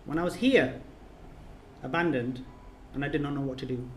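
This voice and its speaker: A man's voice: a little high, normal speed, reverberant, a little hiss or hum. A man leading a course, giving an emotional thank-you speech, earnest and repetitive, his phrases rising to emphatic peaks. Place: reception room of an official residence.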